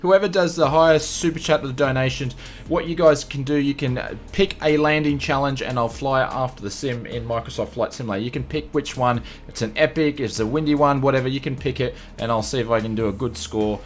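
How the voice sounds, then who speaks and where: A man's voice: medium pitch, fairly quick. An Australian man hosting a casual livestream, upbeat and greeting chat viewers one by one with repeated welcomes. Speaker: livestream host.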